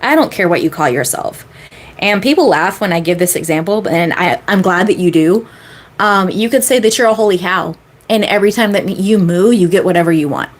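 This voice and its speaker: A woman's voice: fairly low pitch, fairly quick. Chatty woman hosting a live Q&A. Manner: chatty, rambling, frequent fillers; emphatic, repeats key phrases. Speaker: manifestation coach. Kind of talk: casual live-stream Q&A.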